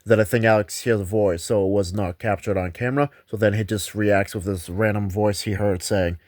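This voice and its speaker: A man's voice: lowish voice, fairly even intonation, brisk, a little mellow, no room sound, clean studio sound. A man narrating a paranormal investigation in a casual, rambling way, correcting himself as he goes. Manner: rambling, loose, self-correcting.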